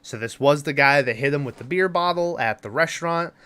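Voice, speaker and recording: A man's voice: a little high, fairly quick, bright, forceful tone, clear, resonant tone. A man co-hosting a podcast, giving a rambling, casual movie recap, swearing and laughing often. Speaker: podcast co-host.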